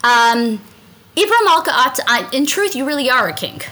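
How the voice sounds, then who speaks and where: A woman's voice: sits high, big pitch swings, moderate pace, sharp tone, a little hiss or hum, low-quality recording. A woman teaching a Talmud story in a chatty way, translating Aramaic lines and often asking "right?". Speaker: Torah class teacher.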